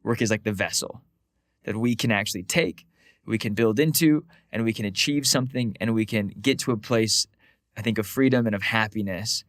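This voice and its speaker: Male podcast co-host, low voice, chatty animated storyteller, dry sound. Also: dry recording. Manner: animated storyteller, quick asides, frequent "like". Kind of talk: casual podcast conversation.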